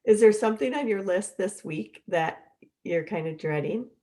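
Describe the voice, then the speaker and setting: A middle-aged woman hosting a podcast, talking in a relaxed, chatty way with lots of fillers. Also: mid-range voice, moderate pace. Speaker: podcast host. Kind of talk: casual conversational chat.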